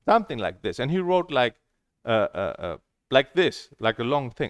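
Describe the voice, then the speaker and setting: Ranting man, pitch jumping all over. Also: very animated, moderate pace, smooth, no echo. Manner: angry, ranting, with many fillers and restarts. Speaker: streamer. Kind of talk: heated monologue.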